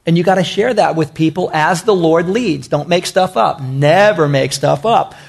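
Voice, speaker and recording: A male pastor preaching with a slightly higher voice. He repeats short phrases for emphasis and calls his listeners "guys". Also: normal speed, gravelly, breathy edge. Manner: emphatic and repetitive, talks to the congregation as "guys". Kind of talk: sermon.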